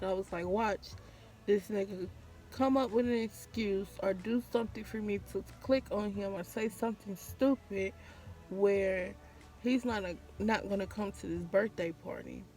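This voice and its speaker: A woman's voice: medium pitch, unhurried, darkish tone, soft background music. A woman vlogger, telling a candid, profane story in casual storytime style. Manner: candid, profane, acts out quotes.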